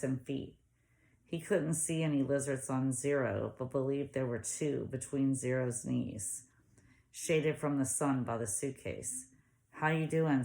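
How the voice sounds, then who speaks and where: Low-voiced woman reading a novel aloud. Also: gravelly, darkish tone. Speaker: audiobook reader. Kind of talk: audiobook narration.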